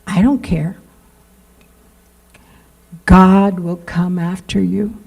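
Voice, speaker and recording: A woman preacher delivers an earnest sermon in a church at an unhurried pace. Her voice is warm and dark with a gravelly edge. She pleads with her listeners and stretches out the words she wants to land. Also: mid-range voice, fairly even intonation, poor audio. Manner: earnest, pleading, drawn-out emphasis. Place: church sanctuary.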